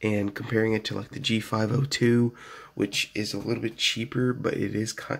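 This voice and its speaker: A man with a lowish voice and a gravelly, creaky edge talks through a casual product review at his home desk. He rambles with plenty of fillers and keeps saying "so yeah." It sounds like it was picked up by a phone camera. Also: little pitch movement, moderate pace. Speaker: gaming gear reviewer.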